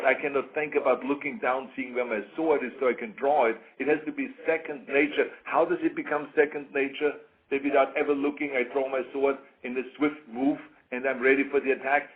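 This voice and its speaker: This interview guest has a medium-pitched voice with fairly even intonation, talking briskly and barely pausing. Casual and emphatic, he keeps repeating his points and performs quoted voices. The sound comes through thin and phone-like, as on radio.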